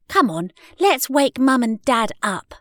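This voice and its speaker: A woman's voice: on the high side, very animated, takes it slowly, dry recording, clean studio sound, pitched above the performer's own voice, exaggerated voice. A woman voicing a cheerful, hungry little girl who is eager and impatient, in a storybook reading.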